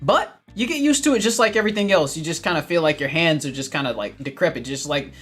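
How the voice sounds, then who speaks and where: A man's voice: on the high side, expressive, fast, fairly bright tone, faint music behind. A man, hosting a casual livestream, upbeat and laughing often as he reads viewer comments. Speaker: livestream host reading chat.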